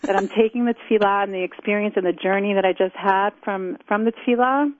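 A woman's voice: mid-range voice, quick pace, a little hiss or hum. A woman guest in a phone interview, speaking in a reflective, thoughtful way. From Israel. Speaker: author guest. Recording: tinny phone line, dry.

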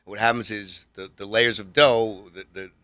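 A chef walks through how pastry is made in a lowish voice with a bright, forward edge. He is friendly and explanatory and often repeats a word as he gets going. The sound is dry and close. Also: steady tone, moderate pace, dry recording. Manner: friendly and explanatory, repeats words as he starts a thought. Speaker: chef and restaurant owner. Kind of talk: casual explanation of cooking technique.

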